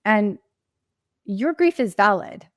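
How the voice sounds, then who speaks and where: Guest spot: woman grief coach, impassioned and emphatic, mid-pitched, dry close sound. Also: expressive, slow, dry recording. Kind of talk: earnest interview answers.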